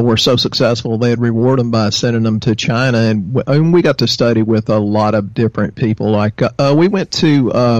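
A Texan man talks as a podcast guest, explaining health topics in a rambling, folksy way full of fillers. His recording sounds dull and lo-fi, but dry, with no room echo. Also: mid-range voice. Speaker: guest, natural health practitioner. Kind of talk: casual interview.

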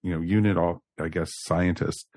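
A man co-hosting a fan podcast, chatting casually, excited and blunt, sometimes swearing. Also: deep voice, moderate pace, no room sound, studio quality. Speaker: podcast co-host.

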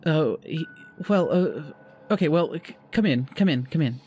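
A man's voice: fairly high pitch, expressive, a little slow, soft background music. A game master voicing a nervous, clingy male artist who stammers on nearly every word and gets frantic. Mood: stammering. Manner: constant stammering, rising to frantic yelling.

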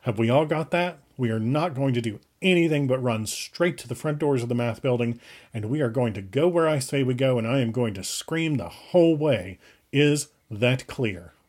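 A man reading aloud as a young woman who takes charge and gives forceful, insistent orders. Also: mid-range voice, lively intonation, moderate pace, natural voice. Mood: commanding. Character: young woman scholar, commanding, shouting orders.

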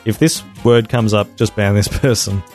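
Laid-back low-voiced man with faint music. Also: normal speed, a little mellow. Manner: laid-back, brief agreeing replies. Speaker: podcast co-host. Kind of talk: casual chat.

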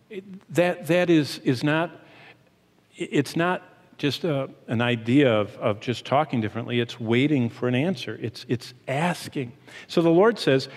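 A middle-aged man preaching a sermon as pastor, animated, shifting his pace and emphasis as he teaches. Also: mid-range voice, measured pace. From Michigan, USA. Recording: long hall reverb.

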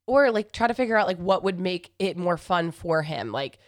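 A woman's voice: on the low side, expressive, moderate pace, dry recording, studio quality. A young woman co-hosting a podcast in casual, chatty conversation, laughing often. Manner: chatty, laughs often, reads listener questions. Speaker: podcast co-host. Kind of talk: casual chat.

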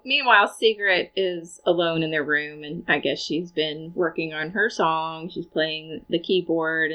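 Young woman, lowish bright voice, laid-back movie recap chat. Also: poor audio. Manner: narrates plot in a relaxed, low-key way. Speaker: podcast co-host.

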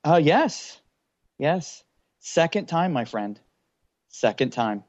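A man's voice: a little high, sing-song, slow, no echo. Teasing male podcast co-host, lo-fi. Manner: teasing, sarcastic. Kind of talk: casual chat.

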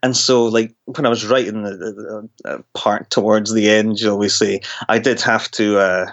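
A man's voice: lowish voice, little pitch movement, moderate pace, highs cut off. A horror author, a man, chatting as a guest in an interview, often restarting his sentences and laughing at himself. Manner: stammering restarts, self-deprecating laughs. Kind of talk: casual interview chat.

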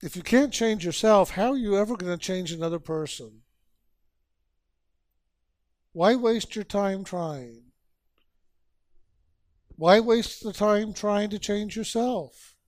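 A man with a fairly high voice delivers a spiritual sermon at a slow, deliberate pace. He urges his listeners with repeated phrases and rhetorical questions. The sound is dry and close. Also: no echo. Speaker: spiritual teacher.

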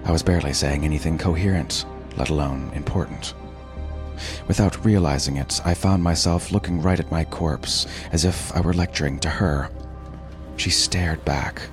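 A man reading a first-person story aloud in a measured, deliberate way. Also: very deep voice, fairly even intonation. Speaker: story narrator. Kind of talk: scripted first-person narration. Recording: music behind the voice.

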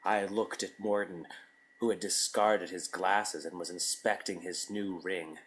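A man narrating a scripted story in a measured, deliberate storytelling manner. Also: deep voice, fairly even intonation, fairly bright tone, rough recording.

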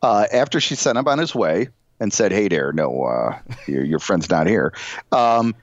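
A man's voice: low voice, sing-song, moderate pace, no room sound, lo-fi sound. A middle-aged man co-hosting a podcast, reading a news story aloud in a rambling, laughing, casual way. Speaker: podcast co-host.

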